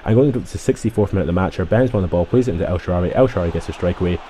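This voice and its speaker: A man's voice: deep voice, mellow, a little hiss or hum, poor audio. A man giving rambling, casual commentary over his own football game recording, often correcting himself as he goes. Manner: rambling, self-correcting, fast-talking. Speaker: gaming YouTuber.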